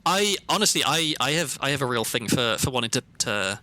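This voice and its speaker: Speaking a little fast with big pitch swings and a sharp tone, a British man keeps up chatty commentary as he streams a game. His mid-range voice rambles and interrupts itself mid-thought, over background music.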